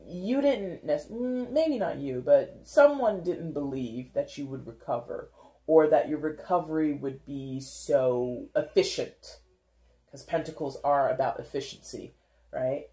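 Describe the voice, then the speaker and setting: A woman's voice: low voice, mellow. A woman giving a casual tarot reading, rambling and chatty, with many fillers and frequent giggles. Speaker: tarot reader.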